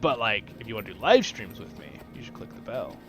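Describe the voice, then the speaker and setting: A man's voice: on the low side, sing-song, a little fast, soft background music. A man hosting a gaming channel, chatting enthusiastically and rambling while he plays. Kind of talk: casual gameplay commentary.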